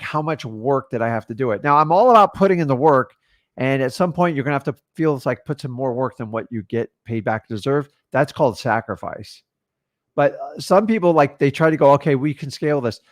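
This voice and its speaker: A man's voice: mid-range voice, no room sound, studio quality. A man co-hosting a casual real estate chat, talking bluntly and handing out business advice. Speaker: real estate investor co-host.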